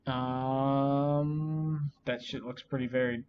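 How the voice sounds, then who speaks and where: A drunk man talking alone to his viewers, loose and rambling, with profanity in nearly every sentence. He sounds sorry for himself, and his voice sits at an ordinary middle pitch. The recording is dull and muffled, with a faint hiss underneath. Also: fairly even intonation, slow pace. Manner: profane, rambling, self-pitying. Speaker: channel host. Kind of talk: drunken solo commentary.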